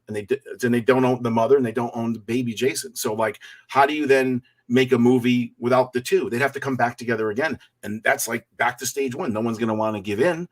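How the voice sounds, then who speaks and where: Fast-talking male film director guest. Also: mid-range voice. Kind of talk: casual interview chat.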